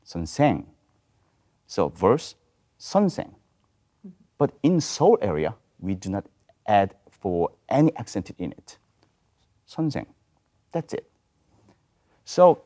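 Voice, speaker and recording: A man who is a native Korean speaker, speaking English with a Korean accent as a panelist in a studio roundtable, halting and searching for words. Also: lowish voice, darkish tone. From South Korea. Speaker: panelist, voice teacher. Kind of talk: roundtable discussion. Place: video studio.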